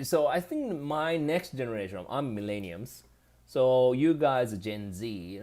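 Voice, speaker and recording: Low-voiced Japanese-accented man chatting. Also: darkish tone. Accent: Japanese with some Australian. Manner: reads viewer comments aloud and answers loosely, halting and chatty. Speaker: live-stream host. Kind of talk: casual live-stream chat.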